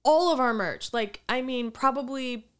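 A woman's voice: sits high, normal speed, fairly bright tone, smooth. A middle-aged woman musician chatting casually and telling a long story, with many restarts and gasps. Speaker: podcast guest, musician. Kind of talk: casual chat.

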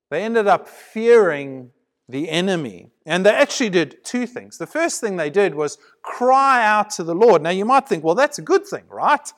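A man's voice: high-pitched, sing-song, normal speed, fairly bright tone. A man preaching a sermon, retelling a scripture story dramatically and often repeating words as he builds emphasis.

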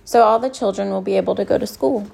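A woman narrator voicing a kind, proud middle-aged father in a storybook, speaking gently and reassuringly. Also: medium pitch, quick pace, vocal fry, slight background noise, low-quality recording. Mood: gentle.

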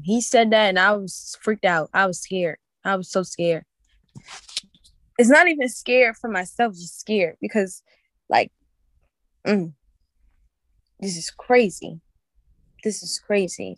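A young woman earnestly recounting a vision in halting, repetitive casual speech. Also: medium pitch, a bit bright, no echo. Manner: earnest, halting, repeats herself. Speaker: guest sharing a vision. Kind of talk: casual testimony.

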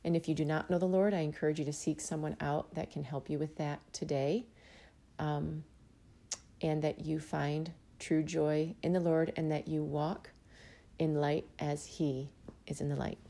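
A woman delivers a heartfelt devotional sermon in a low voice. Her tone is mellow and relaxed, and she encourages her listeners by repeating key phrases. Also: normal speed, creaky. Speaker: Bible teacher.

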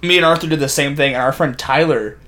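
A young man in casual chat, telling animated stories, swearing freely and laughing often. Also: on the high side, quick pace.

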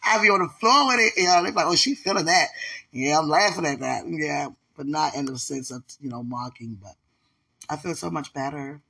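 A woman's voice: sits low, moderate pace, vocal fry, sharp tone, husky. A woman in an intimate, casual call with her partner, affectionate and laughing often as she talks about faith.

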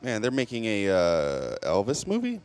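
Podcast co-host guy, super bouncy pitch, jumps in w/ quick jokes and yeahs. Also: huge pitch swings, a little mellow, clean tone. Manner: chimes in with quick agreement and jokes. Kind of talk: casual chat.

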